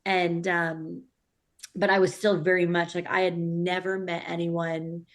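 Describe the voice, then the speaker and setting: A woman's voice: lowish voice, flat delivery, measured pace. A young woman, a mother of three, chatting casually and filling her talk with "like" and "honestly". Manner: chatty, lots of fillers like "like" and "honestly". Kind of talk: casual conversation.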